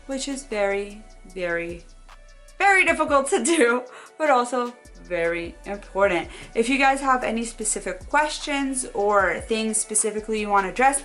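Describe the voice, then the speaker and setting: A young woman talking to her phone camera in a casual, animated advice vlog, acting out quoted voices now and then. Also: medium pitch, moderate pace, hardly any pauses, soft background music. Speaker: vlogger.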